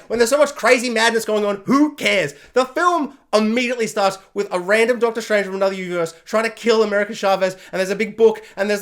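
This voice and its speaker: A man rambling excitedly through a casual film review, acting out quotes and laughing along the way. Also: sits high.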